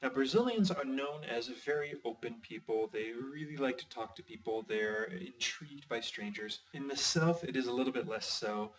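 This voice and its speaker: A man's voice: medium pitch, normal speed, hardly any pauses. A man teaching a language lesson in a chatty, explanatory way, with light jokes. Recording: distant from the mic.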